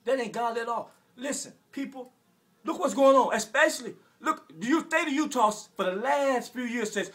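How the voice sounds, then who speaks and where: A man in his forties from Arkansas with a Southern American accent, delivering an emotional, preachy rant that repeats phrases and bursts into shouts. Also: extremely high pitch, expressive, moderate pace. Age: 40s. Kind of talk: impassioned direct-to-camera rant.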